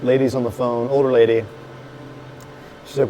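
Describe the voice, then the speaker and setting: A man telling the story of opening his brewery in a casual chat, acting out what people said with lively restarts. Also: mid-range voice, fairly quick, long pauses, slight background noise. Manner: animated storyteller, acts out quotes with restarts. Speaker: brewery owner, guest.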